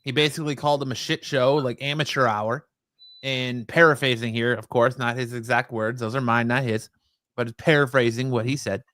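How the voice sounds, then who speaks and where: A man hosting a live wrestling chat show, relaxed and joking as he explains the news. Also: medium pitch, moderate pace, no echo. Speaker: podcast host. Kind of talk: casual live-stream chat.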